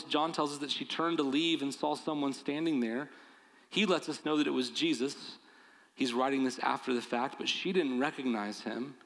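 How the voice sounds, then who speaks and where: A man's voice: fairly high pitch, a bit bright, in a large hall, rough recording. A male pastor preaching a sermon, earnest and building to emphatic, repeated appeals.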